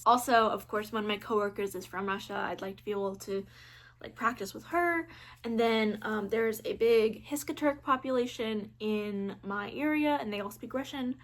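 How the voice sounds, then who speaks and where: A woman's voice: medium pitch, a bit bright. Chatty woman vlogging with lots of fillers. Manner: chatty, frequent "um" and "like" fillers, playful self-mocking asides. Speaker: language-learning vlogger. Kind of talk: casual chat to camera.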